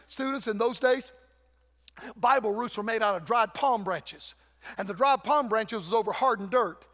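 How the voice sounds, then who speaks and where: An older preacher with a strikingly high, ringing voice delivers a fervent revival sermon. His folksy preaching calls out to the congregation by turns, and every phrase trails off into the long reverb of a large church hall. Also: a bit bright. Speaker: guest preacher. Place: church sanctuary.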